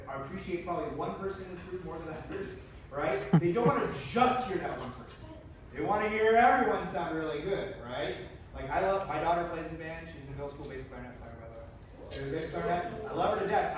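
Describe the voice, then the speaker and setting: Energetic man directing a band rehearsal. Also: fairly high pitch, noisy background. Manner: energetic, counts off and sings rhythms. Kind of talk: ensemble rehearsal coaching. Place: large rehearsal room. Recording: very echoey room, far mic, band music.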